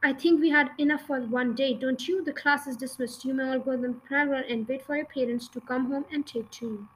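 A woman reading as a calm, kind schoolteacher. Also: high voice, a little fast, slight background noise, close to an everyday voice, poor audio. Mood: relieved. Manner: steady, composed.

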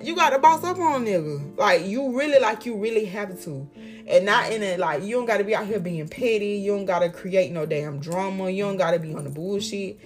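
Soft music plays behind a young woman speaking a little fast in a mid-range voice. She's offering heartfelt life advice in a casual motivational monologue, emphatic and profane, slangy, and repeating lines for effect.

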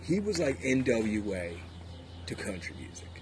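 Emphatic low-voiced man, noisy background. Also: huge pitch swings, measured pace. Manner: emphatic, opinionated, swears freely. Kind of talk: casual chat. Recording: background noise.

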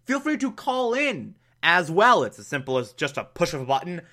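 A man's voice: on the high side, sing-song, moderate pace, bright, forceful tone. A man hosting a podcast, recapping an episode in a casual, chatty way, laughing often and adding mocking asides. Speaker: podcast host.

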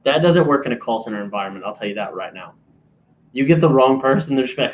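A man's voice: mid-range voice, lively intonation, fast talker, a little hiss or hum. Profane man telling call-center stories. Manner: profane storytelling, acting out both sides of phone calls. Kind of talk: crude casual podcast banter. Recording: slightly dull lo-fi mic.

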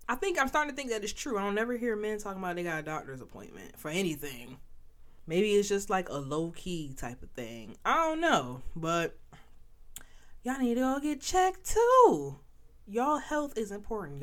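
A young woman with a nasal voice hosting a casual solo podcast, candid and animated, talking straight to her listeners with playful asides and the odd sniffle. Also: fairly low pitch. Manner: sniffles between phrases. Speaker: podcast host.

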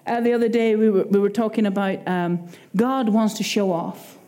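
A woman with an Irish accent preaching a sermon in a lively, conversational way, acting out little quoted exchanges. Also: mid-range voice, moderate pace.

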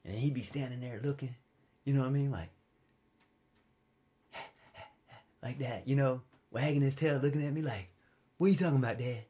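A man's voice: normal speed, pauses often. Man preaching in casual storytelling style. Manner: informal storytelling, wide swings in pitch and loudness, drops low and quiet for stories. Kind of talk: conversational sermon.

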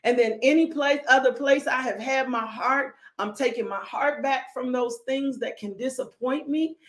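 A woman's voice: high voice, normal speed. A woman preaching a fervent sermon. She breaks into sudden whoops and leads call-and-response, calling out to congregation members by name.

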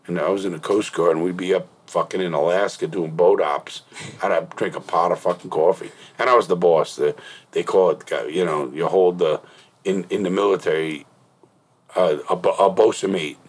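A man's voice: sits low, fairly even intonation, normal speed, slightly rough. A middle-aged man hosting a podcast, telling blunt, profane stories in casual interview chat. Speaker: podcast host.

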